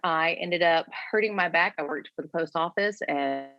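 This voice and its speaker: Woman in her forties from Florida, low-pitched, candid interview guest; dry, lo-fi recording. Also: moderate pace, dry recording. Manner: candid, conversational, quotes herself in lively voices. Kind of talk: casual interview storytelling. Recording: dull lo-fi sound, dry.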